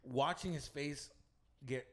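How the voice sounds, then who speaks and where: A man on a podcast, telling a fight story in casual, profane talk, mixing in Spanish slang and loudly acting out the people in it. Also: medium pitch, takes it slowly. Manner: animated, profane, mixes Spanish slang, acts out voices loudly. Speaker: podcast co-host. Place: green room of a comedy club.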